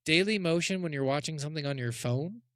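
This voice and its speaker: Lively high-voiced man, podcast co-host. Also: quick pace, no room sound, clean studio sound. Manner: animated, laughing, acts out film characters in mocking voices; swears freely. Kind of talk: casual chat.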